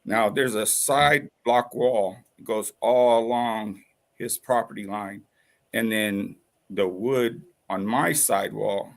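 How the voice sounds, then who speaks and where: A man with a gravelly, creaky voice tells a personal story in loose, casual talk. He rambles, swears freely, and fills the gaps with fillers and restarts. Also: fairly low pitch, a bit bright. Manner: rambling, profane, full of fillers.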